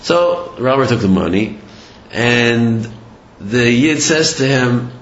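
A man teaching a religious lesson, telling a story in an animated, digressive way with many fillers. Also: mid-range voice, slow pace, slight background noise. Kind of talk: sermon with storytelling. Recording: roomy, slightly dull recording.

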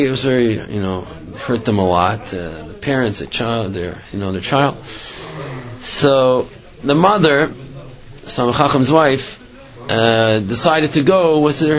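A man's voice: mid-range voice, animated, measured pace, muffled recording. A man giving a religious storytelling talk, rambling with many restarts and filler phrases. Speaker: religious speaker.

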